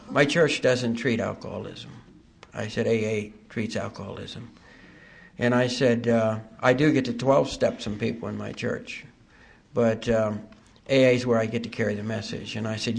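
An older man with a gravelly, creaky voice tells his recovery story to a meeting. He speaks at a middle pitch, haltingly, with many fillers and a dry, self-mocking humor. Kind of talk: personal recovery testimony.

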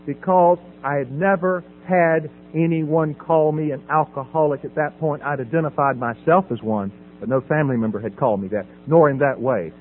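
A middle-aged man sharing his recovery story from a podium, telling it with humor and acting out the voices in dialogue. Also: on the high side. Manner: storytelling, acts out voices in dialogue, laughs at himself. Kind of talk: personal testimony from a podium. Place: meeting hall at a podium. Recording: tinny phone-like sound with mains hum.

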